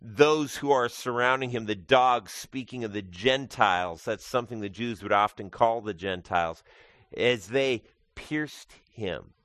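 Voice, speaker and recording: A man's voice: medium pitch, a little slow, a bit bright, dry recording, studio quality. A male pastor giving a conversational sermon, explaining scripture with casual asides. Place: church.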